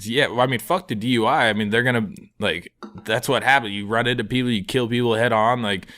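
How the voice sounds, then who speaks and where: A man's voice: mid-range voice, steady tone, fast, fairly bright tone. A man in his twenties on a comedy podcast, telling a story in a rambling, profane way, full of fillers. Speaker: podcast co-host. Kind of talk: casual storytelling chat.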